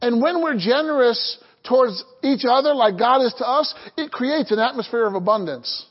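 A man's voice: extremely high pitch, expressive, normal speed, muffled recording. A man preaching a sermon as pastor, calling out to the congregation and prompting them to answer back. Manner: call-and-response preaching, asks the congregation to answer.

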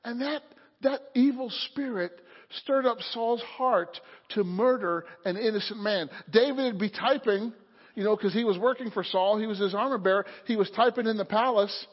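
A pastor with a very high, husky voice preaches fervently at a moderate pace, repeatedly calling out for an amen. His sermon carries the long echo of a church sanctuary, and the audio is dull and lo-fi.

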